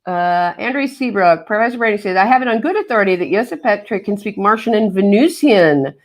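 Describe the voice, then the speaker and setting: A woman's voice: mid-range voice, lively intonation, fairly quick. A woman hosting a casual livestream, reading viewer comments with a playful, jokey manner and mock-solemn asides, on a webcam mic. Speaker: livestream host.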